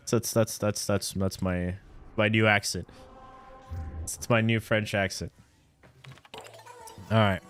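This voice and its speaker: A man's voice: on the low side, lively intonation, measured pace, pauses often, fairly bright tone, soft background music. A young man live-streaming a video game from a home setup, joking with chat, rambling, swearing freely and stumbling over words.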